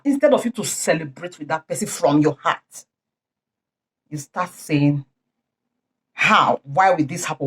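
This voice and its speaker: A woman preaching informally to her channel's viewers, repeating and stressing her points. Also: medium pitch. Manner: repetitive, exhorting, emphatic. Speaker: YouTube channel host.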